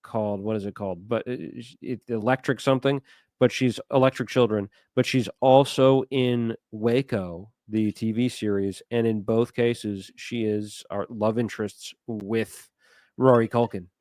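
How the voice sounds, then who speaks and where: Fairly low man musing in casual chat. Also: fairly even intonation, a little slow, a little mellow, no room sound. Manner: searching for names, digressive asides. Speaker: podcast co-host.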